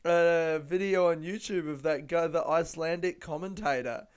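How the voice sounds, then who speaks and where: A man hosting his own podcast in a loose, rambling chat, teary and laughing through tears as he swears and gets excited. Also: fairly high pitch, moderate pace, smooth. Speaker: podcast host. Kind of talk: casual solo podcast chat.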